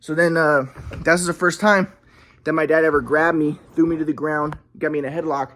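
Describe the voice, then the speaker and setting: A man's voice: a little high, steady tone, fairly quick, a bit bright, echoey room, a little hiss or hum. A man telling a personal story in a casual, rambling monologue, repeating himself while demonstrating moves.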